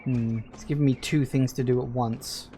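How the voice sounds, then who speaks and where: A man's voice: medium pitch, steady tone, moderate pace, warm tone, a little hiss or hum. Man rambling through gameplay commentary. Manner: rambling, hesitant, with many fillers. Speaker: let's play host. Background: game music.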